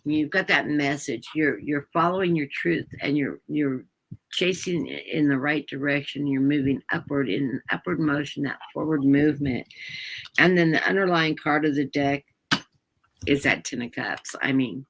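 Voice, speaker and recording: A woman's voice: low voice, normal speed, rough recording. An American woman joining a live stream as a guest tarot reader, chatty and upbeat, laughing easily.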